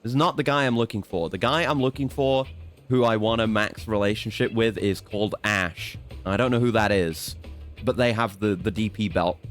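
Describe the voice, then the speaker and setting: A man's voice: on the low side, brisk, soft background music. A man streaming a video game, rambling and swearing casually as he plans his next moves and mocks himself. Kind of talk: casual let's-play commentary.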